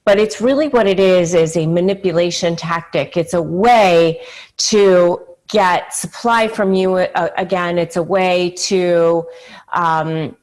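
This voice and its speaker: A woman with a fairly low voice talks straight to her viewers in an advice-style video. She is conversational and emphatic, leaning on fillers like "you know" and "uh". Now and then she slips into short acted-out quotes. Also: takes it slowly, darkish tone. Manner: acts out quoted pleading lines. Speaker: channel host. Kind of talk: direct-to-camera advice talk.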